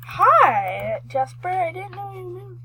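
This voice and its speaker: A woman giving chatty, excitable commentary while playing a horse game, rambling and restarting her sentences. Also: very high-pitched, slow, slight background noise, low-quality recording. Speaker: gaming vlogger.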